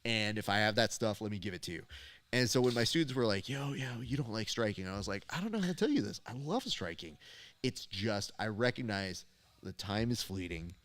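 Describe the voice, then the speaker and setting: Low-voiced man hosting a casual chat. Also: fairly bright tone, smooth, no echo. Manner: talkative, laughs often, acts out quoted dialogue. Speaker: podcast host and jiu-jitsu coach.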